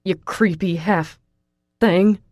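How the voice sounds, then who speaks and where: An angry young college man spits harsh accusations in a dark, mellow voice that still reads as loud and raw. A woman narrator puts him on in a dry, close reading for an audiobook. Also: lowish voice, takes it slowly, dry recording. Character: angry frightened young male college student.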